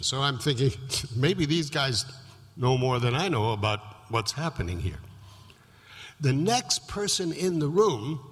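A pastor shares a personal testimony from the pulpit, his mid-pitched male voice relaxed and conversational. His account carries a lingering hall reverb. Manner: conversational, vivid storytelling. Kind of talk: sermon testimony storytelling.

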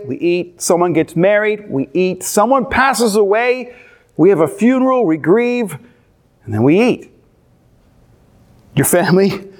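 A middle-aged man delivers a sermon as a pastor, weaving animated stories and playful asides. His voice sits a little higher than most men's.

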